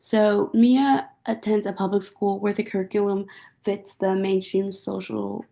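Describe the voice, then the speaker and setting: A woman's voice: mid-range voice, flat delivery, measured pace, creaky, mellow. A young woman giving a class presentation as a student, explaining casually with occasional fillers.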